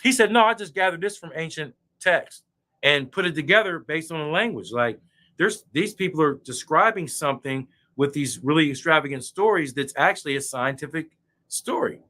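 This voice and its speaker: A boastful man rants in a loose, profane online chat while drinking beer. His voice sits a little high and comes out bright and tense. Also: normal speed. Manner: boastful, profane, animated ranting. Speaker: guest speaker. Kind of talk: heated casual debate chat.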